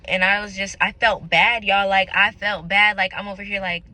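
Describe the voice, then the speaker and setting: A woman's voice: medium pitch, fairly even intonation, normal speed, few pauses, pushed and bright, no room sound, poor audio. A young woman vlogging about her faith, talking casually and candidly to her viewers in an earnest, searching way. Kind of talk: casual confessional talk to camera.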